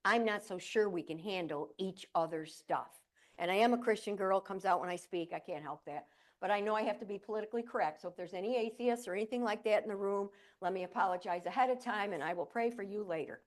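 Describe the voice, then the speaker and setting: A woman's voice: mid-range voice, quick pace. An older woman from central New York giving a humorous motivational keynote to a live audience, telling stories with chatty, playful asides. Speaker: keynote speaker. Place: conference room with audience.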